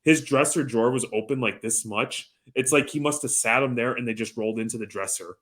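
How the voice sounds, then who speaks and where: A man's voice: medium pitch, brisk, fairly bright tone. Man, thirties, podcast co-host, rambling storyteller, dry humor, swears freely. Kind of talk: casual chat.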